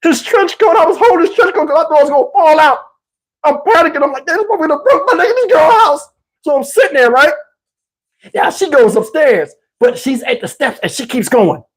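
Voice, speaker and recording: A man casually telling a personal story, animated and slangy, often breaking into laughter, on a lapel mic. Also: extremely high pitch, fairly quick. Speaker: channel host telling a story. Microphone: wireless lapel mic.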